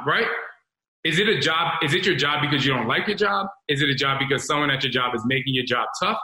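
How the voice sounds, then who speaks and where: Bright, roomy-sounding man in his forties. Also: on the high side. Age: 40s. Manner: rambling, confessional, addresses listeners as y'all. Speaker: self-improvement talk host. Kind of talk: candid motivational talk to an audience. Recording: roomy echo.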